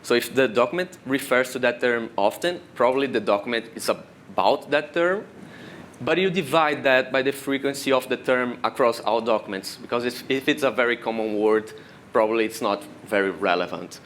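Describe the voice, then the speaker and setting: A man's voice: mid-range voice, normal speed, a little hiss or hum. Brazilian man giving a technical talk. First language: Portuguese. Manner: explanatory, steady walk-through of technical steps. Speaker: conference speaker. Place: conference room.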